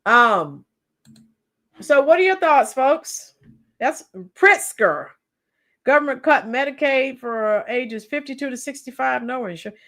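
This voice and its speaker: A woman streamer with a hoarse, cracking voice, talking politics in a chatty, opinionated way. She speaks slowly, and her voice sits a little high. She reads out viewer comments as she goes. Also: animated, a bit bright. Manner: opinionated, chatty, sings song snippets slowly. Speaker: live-stream commentator reading chat. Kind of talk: casual political commentary livestream.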